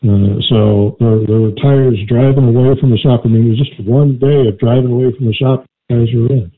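A man co-hosting a call-in radio show, chatting casually and telling a rambling joke with many halting restarts. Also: medium pitch, steady tone. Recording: tinny phone-like line.

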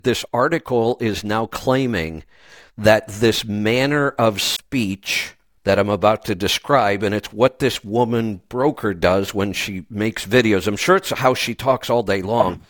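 A man hosting a radio show in casual chat, opinionated and talking quickly with many restarts. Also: on the low side, no room sound. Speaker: radio host.

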